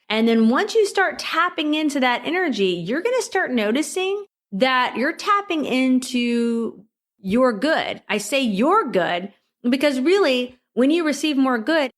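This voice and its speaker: A middle-aged woman hosting a motivational solo podcast, upbeat and encouraging, with repeated exhortations and rising emphasis. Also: a little high. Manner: repetitive exhortations. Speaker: podcast host.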